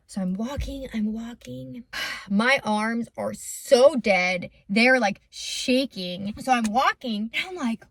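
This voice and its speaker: A young woman with a high voice tells a casual storytime, chatty and full of fillers. The sound is dry and close, with no room echo. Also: expressive, unhurried, fairly bright tone. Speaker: lymphatic massage business owner.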